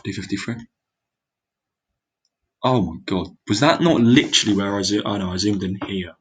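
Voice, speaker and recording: On a low-quality recording, a young gaming video creator works through a geography guessing game, muttering, letting out exclamations, and poking fun at his own errors. His voice sits on the low side and sounds husky, at a moderate pace.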